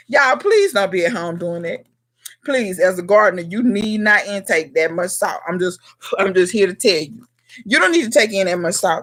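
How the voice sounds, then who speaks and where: A home gardener hosts a casual live Q&A stream, speaking directly to viewers by name and teasingly scolding them. The voice is mid-range, animated and unhurried, with a fairly bright tone.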